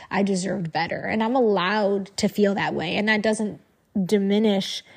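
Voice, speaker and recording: A woman who makes online videos, speaking frankly and emphatically to camera and repeating phrases for force. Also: mid-range voice. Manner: frank and outspoken. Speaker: social media creator. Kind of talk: candid to-camera monologue.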